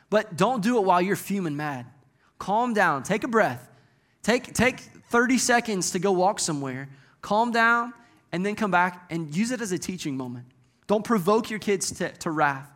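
A man in his thirties preaching a sermon as a pastor, in a folksy, joking and animated way. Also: high voice.

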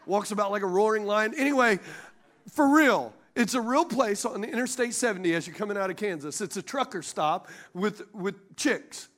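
Pastor preaching, really high voice that jumps around a lot, keeps asking the crowd stuff. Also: male voice, normal speed. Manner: animated preaching with call-and-response questions to the congregation; laughs at his own stories and stumbles over restarts. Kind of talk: sermon.

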